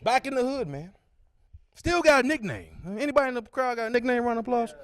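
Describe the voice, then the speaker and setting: A man in his forties doing a stand-up comedy set on a club stage into a handheld mic, with loud, high-pitched impressions of his friends. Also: lively intonation, fast talker, no echo. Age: 40s.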